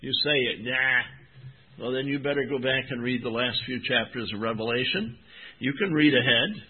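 A man preaching a sermon, reading scripture with emphatic, drawn-out stresses and calling his listeners "my friend" and "folks.". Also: mid-range voice, breathy edge. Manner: emphatic, drawn-out Bible reading, rising and dropping in volume. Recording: tinny phone-like recording.

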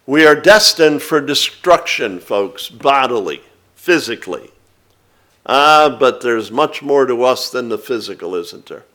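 Slow, deliberate preacher man. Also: mid-range voice, animated, pushed and bright. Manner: slow, deliberate preaching that rises for scripture readings. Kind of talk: sermon.

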